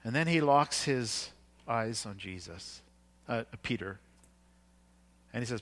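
Relaxed, conversational male preacher. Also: on the low side, normal speed. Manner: conversational, retells scripture in plain words with fillers and restarts. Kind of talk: sermon.

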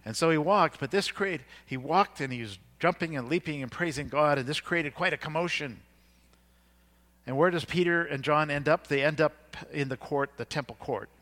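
A man's voice: a little high, normal speed, a bit bright. A man preaching a sermon, retelling scripture in everyday words with fillers and restarts.

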